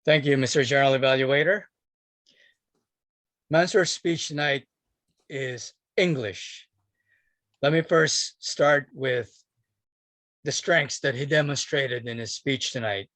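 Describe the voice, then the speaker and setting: A man's voice: mid-range voice, slow, long pauses, fairly bright tone, no room sound. Methodical man evaluating a speech. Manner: methodical, listing points of praise. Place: club meeting room.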